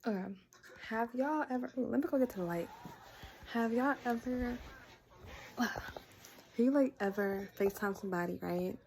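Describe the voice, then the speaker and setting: Gravelly young woman ranting, exasperated. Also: on the high side, fairly quick, a little mellow, slight background noise. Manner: exasperated, blunt, heavy on "like" fillers. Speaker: vlogger. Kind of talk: casual rant to camera.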